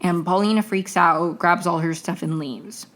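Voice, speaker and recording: A woman's voice: fairly low pitch, fairly even intonation, normal speed, fairly bright tone. A young woman hosting a podcast, recapping a TV episode in a rambling, chatty way full of tangents and self-corrections. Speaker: podcast host.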